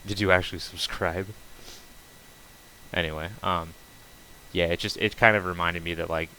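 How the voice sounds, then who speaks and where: A man's voice: sits low, steady tone, moderate pace, bright, forceful tone, a little hiss or hum, rough recording. A man casually chatting while streaming a game, rambling loosely with many fillers and restarts. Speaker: streamer building on a game server.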